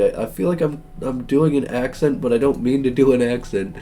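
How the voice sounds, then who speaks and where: A man's voice: mid-range voice, moderate pace, few pauses, warm tone, a little hiss or hum. A young man streaming a game, reading its text aloud with joking, gushing asides. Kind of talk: let's-play narration.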